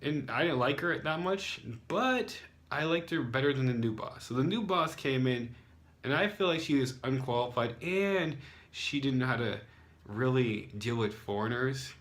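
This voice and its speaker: A man's voice: mid-range voice, lively intonation, normal speed, fairly bright tone. A young American man, an English teacher, telling a story casually with lots of fillers and sarcastic asides. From United States.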